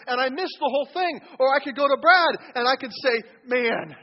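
A pastor with a very high voice delivers a sermon in a church sanctuary, talking fast with few pauses as his words fade into the long reverb of the large hall. He keeps it funny, slipping into little acted-out voices when quoting what people think to themselves. The recording sounds dull and lo-fi.

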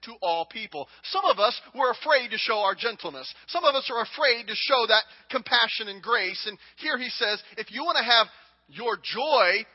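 High-voiced pastor preaching in a hall. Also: male voice, animated, normal speed, breathy edge. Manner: earnest, repeats phrases for emphasis. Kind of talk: sermon. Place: church sanctuary. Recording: dull reverberant church hall recording.

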